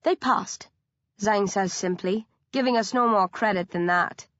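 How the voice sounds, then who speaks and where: A woman reading a first-person audiobook narration in a steady storytelling manner. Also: mid-range voice, normal speed, no echo, highs cut off.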